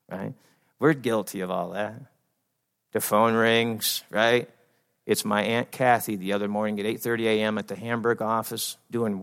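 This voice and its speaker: A man preaching a sermon in a church, animated and acting out panicked inner voices, laughing often between points. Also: on the low side. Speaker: pastor. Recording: long reverb of a church hall.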